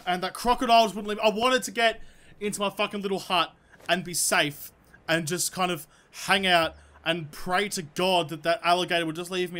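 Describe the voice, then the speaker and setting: Bright, high, swearing young gamer man. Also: slight background noise. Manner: excitable, swears constantly, talks to the game's creatures. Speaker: let's play host. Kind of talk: live gameplay commentary.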